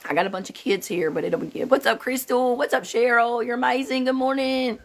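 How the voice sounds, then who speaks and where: A woman hosting a casual livestream, greeting viewers by name in a loose, slightly sleepy way. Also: a little high. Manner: slightly slow and drowsy, just woke up. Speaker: livestream host.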